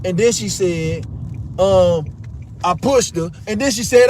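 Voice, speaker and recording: A young man with a high voice rants through a story in a heated, profane vlog. He jumps into raised voices whenever he quotes someone. Faint noise hums behind him. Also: moderate pace. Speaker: vlogger. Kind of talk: animated storytelling rant.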